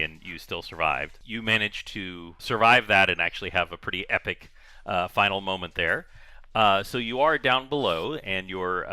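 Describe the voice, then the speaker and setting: A man narrating as game master of a tabletop game, animated and rambling with many fillers. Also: low-pitched, dry recording.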